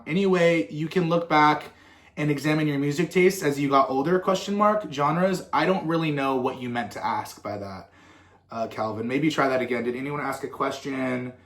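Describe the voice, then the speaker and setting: A man's voice: mid-range voice, a little fast, a bit bright. A young man, a musician and content creator, answering fan questions in a casual chat, rambling with plenty of swearing and tangents. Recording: roomy echo.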